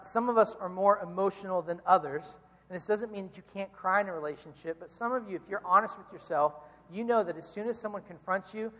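A man preaching a sermon in a conversational, joking way, often repeating words as he starts a phrase. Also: high-pitched. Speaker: pastor. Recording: long reverb from a large hall.

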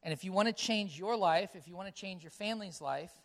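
A man's voice: high-pitched, brisk. A man preaching a sermon as a pastor, earnest and conversational, repeating key phrases for emphasis and telling stories from his own family life.

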